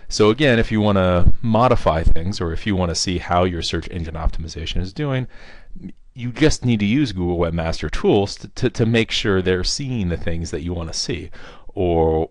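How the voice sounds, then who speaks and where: A man casually narrates a screen walkthrough for a tech class, halting, with frequent fillers. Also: low-pitched, no echo. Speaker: computer instructor.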